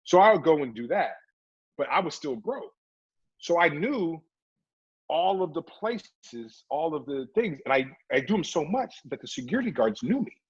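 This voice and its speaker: A man, an actor, chatting casually in an interview and telling lively stories, sometimes slipping into put-on voices. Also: on the high side, moderate pace, slightly rough. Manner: animated storyteller, slips into put-on voices. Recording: dull lo-fi recording.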